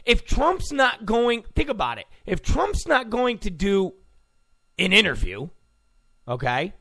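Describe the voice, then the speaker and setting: A man's voice: sits high, sing-song, measured pace, vocal fry, bright, forceful tone. A man ranting sarcastically as a political commentator, mocking and full of insults.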